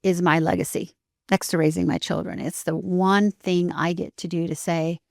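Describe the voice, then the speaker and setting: A woman with a lowish voice tells a story as a podcast guest, animated and expressive, slipping into the voices of the people she describes. The sound is close and dry, with no room around it. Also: normal speed, gravelly, no echo. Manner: animated, acts out dialogue with lively shifts.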